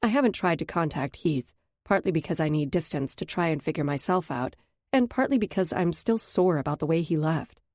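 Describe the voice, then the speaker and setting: Female audiobook narrator, lowish voice, measured introspective first-person delivery. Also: lively intonation, a little mellow, no echo, clean studio sound.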